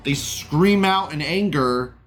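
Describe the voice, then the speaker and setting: A man's voice: fairly high pitch, animated, takes it slowly, a bit bright, faint music behind. A man hosting a livestream, ranting crudely in a sneering tone and laughing at his own jokes. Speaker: host. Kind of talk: livestream commentary rant.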